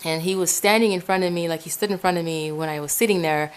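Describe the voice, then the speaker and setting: A woman from Ecuador telling her own spiritual testimony in a casual, animated way. She speaks straight to her listeners as "guys", often restarting and repeating herself, recorded at home in her room. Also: on the low side, quick pace, clear, resonant tone. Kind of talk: casual spoken personal testimony.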